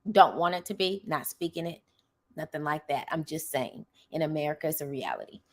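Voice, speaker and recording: Woman, middle-aged, teacher, podcast host, casual monologue, earnest, emphatic, slightly low-pitched, keeps asking "okay?". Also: lively intonation, fairly quick. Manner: earnest, emphatic, talks to the listener with frequent "okay?".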